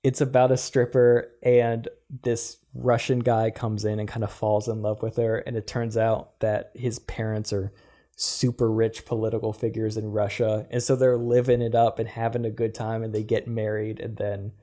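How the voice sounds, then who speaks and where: Young male podcast co-host, mellow tone, loose chatty delivery full of "like" and "yeah.". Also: on the low side, flat delivery, moderate pace. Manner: chatty, filler-heavy with "like" and "yeah". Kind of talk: casual chat.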